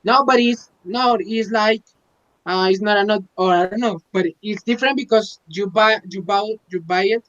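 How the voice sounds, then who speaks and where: High-voiced man haltingly learning English. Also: a bit bright, no echo. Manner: halting, searching for words. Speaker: English student. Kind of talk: online class conversation. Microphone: video call. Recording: dull, dry video-call audio.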